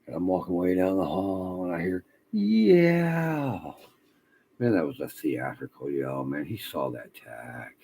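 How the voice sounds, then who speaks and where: A man of about sixty telling rambling, profane stories in a casual way, laughing often and filling pauses with "you know". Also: rumbling low, steady tone, warm tone, husky, poor audio.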